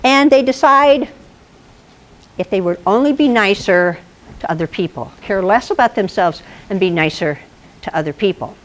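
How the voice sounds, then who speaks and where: A woman's voice: medium pitch, moderate pace. A woman giving a playful astronomy presentation to a live audience, telling stories and quizzing the room. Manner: playful, animated, asks the audience questions. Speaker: presenter at an astronomy club talk. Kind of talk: lively storytelling lecture.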